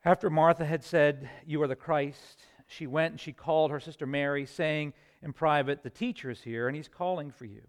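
A man delivers a sermon in a somewhat high voice. He reads scripture and acts out its voices dramatically, sinking to quiet, hushed lines and then rising to loud, forceful ones. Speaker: preacher.

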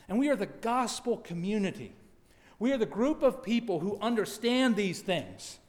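A middle-aged man preaching a sermon, reading scripture emphatically and dropping to quiet asides. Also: high voice, lively intonation, moderate pace. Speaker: pastor. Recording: long hall reverb.

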